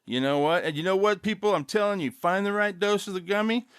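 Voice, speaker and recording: A man hosting his own podcast, rambling loosely and casually with chuckling asides, relaxed after an edible. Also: sits high, brisk, very noisy. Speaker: podcast host.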